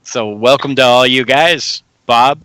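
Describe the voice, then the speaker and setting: A man's voice: mid-range voice, unhurried, bright, forceful tone, clean tone, dry recording. A man co-hosting a live stream, chatting in an easygoing way with guests and viewers. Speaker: co-host of a live stream show. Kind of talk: casual live-stream banter.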